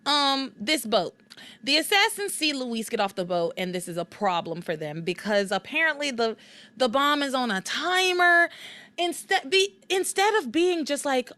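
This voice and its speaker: A woman hosts a laid-back recap podcast in a fairly high voice. She is chatty and animated, laughs easily, and trails off mid-thought before starting again. Her voice is dry and close on the mic. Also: moderate pace, dry recording. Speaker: podcast host. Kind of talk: casual recap chat.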